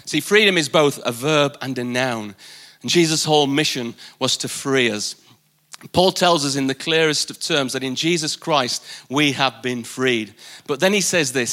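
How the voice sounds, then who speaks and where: A man's voice: mid-range voice, normal speed, pushed and bright. A man preaching a live sermon at a church service, emphatic, repeating key phrases for weight. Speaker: pastor.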